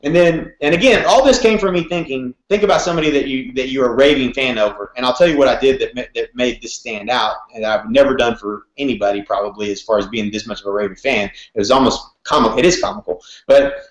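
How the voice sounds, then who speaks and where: Fast-talking man telling a story. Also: mid-range voice. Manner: fast, energetic, acts out phone calls in quoted dialogue. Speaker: guest real estate broker. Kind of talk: animated storytelling interview. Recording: roomy echo.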